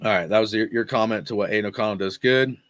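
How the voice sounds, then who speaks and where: Emphatic, profane fan host, dry sound. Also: male voice, on the low side, quick pace, a bit bright, no echo. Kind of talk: live sports commentary reading chat.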